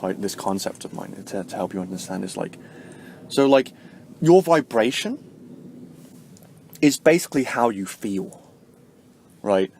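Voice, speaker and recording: A man vlogging about spirituality in a casual, rambling way, tagging "right?" onto his points and jumping up in pitch for emphasis. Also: a little hiss or hum. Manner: rambling, heavy use of fillers like "like" and "right?"; swings sharply up in pitch and loudness to stress points. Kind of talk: casual spoken explanation to camera.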